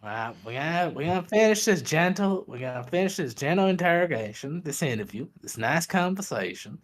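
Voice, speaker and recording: A man's voice: a little high, very animated, a little fast. A man putting on the voice of a laid-back southern police officer who is casually menacing, with a Southern US accent. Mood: casually sinister. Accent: Southern US (put on).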